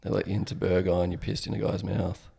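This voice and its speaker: A man co-hosting a comedy podcast and running a quiz segment, deadpan and hesitant. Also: low-pitched, a little fast, creaky, breathy edge.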